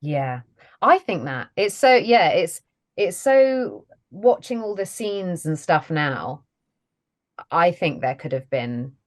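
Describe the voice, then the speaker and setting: A woman's voice: lowish voice, very animated, takes it slowly. A woman, a voice actress chatting casually as an interview guest, laughing often and self-deprecating.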